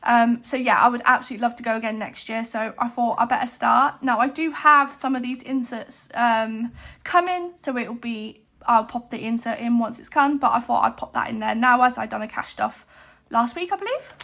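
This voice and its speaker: A young woman with a high, light voice chats to her camera in a casual vlog. She rambles happily, fills gaps with "um" and breaks off for quick asides. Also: sharp tone. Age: 20s. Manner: chatty, rambling, many "um"s, frequent asides. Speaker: cash stuffing vlogger.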